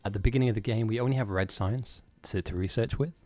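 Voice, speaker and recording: Lower-pitched man commentating a game. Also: fast talker, a little mellow, dry recording. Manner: explanatory, laughs often.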